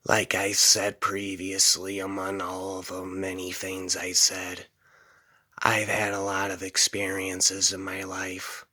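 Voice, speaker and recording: Slow-talking man telling a rambling story. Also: sits low, monotone, bright, forceful tone. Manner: rambling, drawls, fillers like "man". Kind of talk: casual spoken storytelling.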